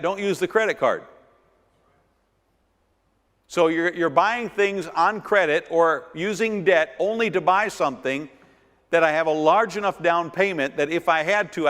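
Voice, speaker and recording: In a church hall with a long echo, a middle-aged pastor teaches a seminar on church finances. He's emphatic, repeating words and asking his listeners rhetorical questions, in a slightly high, somewhat bright voice.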